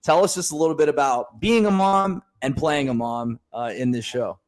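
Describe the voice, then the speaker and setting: A man's voice: a little high, moderate pace. A man hosting a podcast, asking questions in an upbeat, casual way with fillers. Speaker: podcast host. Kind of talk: casual interview chat.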